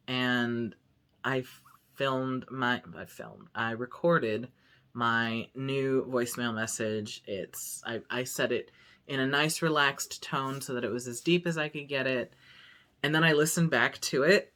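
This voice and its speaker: A man with an androgynous, mid-pitched voice chats loosely to camera. He rambles and restarts, and fills his sentences with "like" in an easygoing vlog style. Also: a bit bright. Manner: chatty, rambling, lots of "like". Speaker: vlogger. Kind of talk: casual vlog chat.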